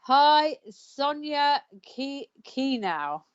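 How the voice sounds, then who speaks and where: On a live psychic counselling show, a woman with a high, sing-song voice and drawn-out words chats casually, and the recording sounds muffled. She laughs often and stumbles over names.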